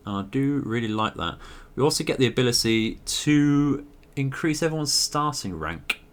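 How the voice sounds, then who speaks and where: A man, hosting a gaming video and talking through a strategy game in a polite, measured way with frequent fillers. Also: medium pitch, expressive.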